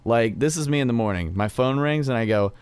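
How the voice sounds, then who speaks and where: A man's voice: medium pitch, expressive, brisk, a little mellow, clear, resonant tone, dry recording. A young man telling a rambling story in casual chat, full of fillers.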